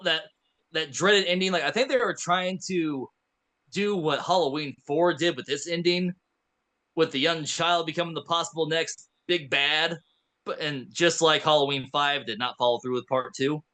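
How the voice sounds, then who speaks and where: A man co-hosting a podcast in a studio, retelling a film with lively acted-out lines. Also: on the high side. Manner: animated storytelling, acts out characters' lines. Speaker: podcast co-host. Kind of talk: casual movie recap chat.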